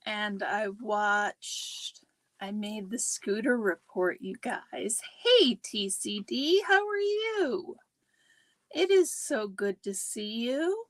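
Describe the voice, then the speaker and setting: A woman's voice: medium pitch, expressive, slow, no room sound. A woman hosting a casual livestream, chatting and greeting viewers by name. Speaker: livestream host.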